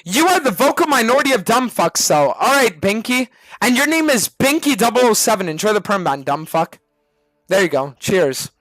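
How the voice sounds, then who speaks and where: Male streamer, heated profane rant, very animated pitch, dead dry room. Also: moderate pace, dry recording, faint music behind. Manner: profane, ranting, argumentative.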